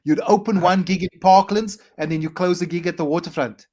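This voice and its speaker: A South African man in his forties, a comedian guest, telling animated stories with quick asides. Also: high-pitched. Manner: animated anecdotes with quick asides and playful acted quotes. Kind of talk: storytelling interview.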